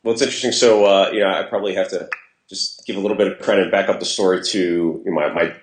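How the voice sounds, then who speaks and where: A man's voice: low-pitched, steady tone, quick pace. A man in his forties telling rambling, self-deprecating stories as an interview guest. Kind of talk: casual storytelling interview. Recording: roomy echo.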